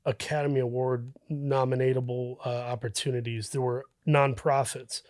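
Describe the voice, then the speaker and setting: A man, a guest on a podcast, speaking reflectively with many pauses and restarts. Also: medium pitch, little pitch movement, a little mellow, no room sound, clean studio sound. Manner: thoughtful, halting with fillers and restarts. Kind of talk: reflective casual conversation.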